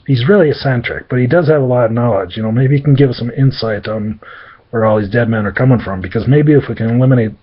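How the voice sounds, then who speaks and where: A man voicing an earnest young male demigod who rambles with lots of fillers in a husky voice. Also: medium pitch, highs cut off, natural voice. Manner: rambling, reassuring, full of fillers.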